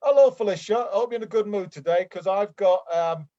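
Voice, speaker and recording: A man's voice: sits high, fairly quick, highs cut off, lightly acted. A man playing a rambling stamp-club man. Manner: rambling, chiding, excitable. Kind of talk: improvised comedy scene over video call.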